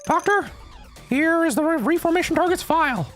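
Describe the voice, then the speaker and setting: A streamer voicing a calm, formal female lab assistant who reads out reports in a crisp, clinical manner. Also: extremely high pitch, fairly quick, faint music behind, pitched above the performer's own voice.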